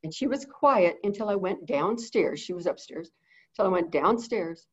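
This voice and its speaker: A middle-aged woman teaching in a webinar, talking quickly and rambling with many fillers in a low-set voice, over a video call mic. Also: expressive, breathy edge, muffled recording. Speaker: guest bird behavior consultant.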